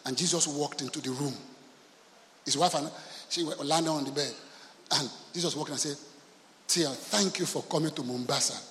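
A pastor with a high-pitched voice preaches a sermon in a big, echoing church hall. He tells stories and acts out the voices in them, dropping to soft, intimate lines and then rising to loud shouts. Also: slight background noise. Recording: long hall reverb.

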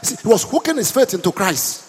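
A Nigerian-accented man preaching as a pastor, calling out to his congregation and pressing them to answer back. His voice sits high and carries a husky edge. The sound rings with the long reverb of a church hall. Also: animated, normal speed, a faint crowd. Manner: emphatic call-and-response preaching. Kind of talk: preaching a sermon.

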